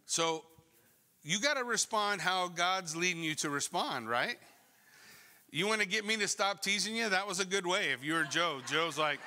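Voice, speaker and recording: A middle-aged male pastor preaching a sermon in a conversational, animated way, full of rhetorical questions. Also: high voice, normal speed, slight background noise. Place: church sanctuary. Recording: long church hall reverb.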